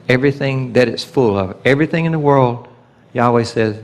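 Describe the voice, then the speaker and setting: A man's voice: medium pitch, animated, brisk. Conversational male Bible teacher. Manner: conversational, acts out God's voice in quotes. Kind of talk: sermon teaching.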